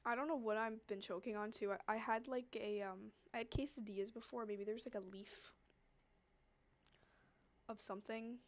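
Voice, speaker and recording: A woman's voice: fairly high pitch, steady tone, normal speed. A young woman chatting casually with her viewers while she draws, rambling and laughing, her throat scratchy from coughing. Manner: rambling, laughs often, trails off. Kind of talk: casual chat while drawing.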